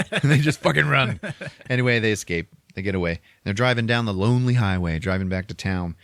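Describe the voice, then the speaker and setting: A man in his forties hosting a podcast, retelling a film in a loose, swearing, rambling way. His voice sits low. The sound is dry and close. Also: a little fast, no echo. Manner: profane and rambling, lots of filler. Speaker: podcast host. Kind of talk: casual movie recap chat.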